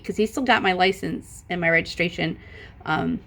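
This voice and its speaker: A middle-aged woman telling a long, profane story in a casual, animated way, her voice jumping up when she stresses a point. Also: fairly low pitch, brisk. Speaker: vlogger.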